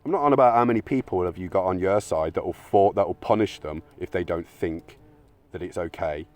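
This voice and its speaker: A man's voice: low voice, fairly quick, darkish tone. A man giving a blunt, argumentative monologue, swearing often. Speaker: channel host. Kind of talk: opinionated monologue.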